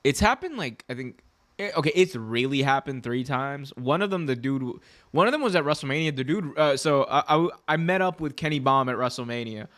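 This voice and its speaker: A man's voice: mid-range voice, animated, brisk, a bit bright. A man co-hosting a podcast, chatting casually and rambling through stories with lots of fillers. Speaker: podcast co-host. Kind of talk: casual chat.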